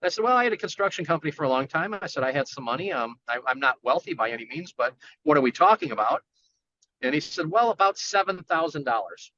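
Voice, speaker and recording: A man's voice: fairly high pitch, animated, quick pace, sharp tone, no room sound, highs cut off. A man telling a long personal story as a guest in casual talk, acting out the people he quotes in a raised voice. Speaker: guest, general contractor.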